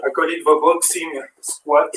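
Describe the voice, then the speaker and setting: A man's voice: on the high side, flat delivery, unhurried, fairly bright tone, echoey room, far from the mic, slight background noise, poor audio. A man with a French accent, a fitness instructor who counts reps and coaches while he exercises. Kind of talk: live workout demonstration.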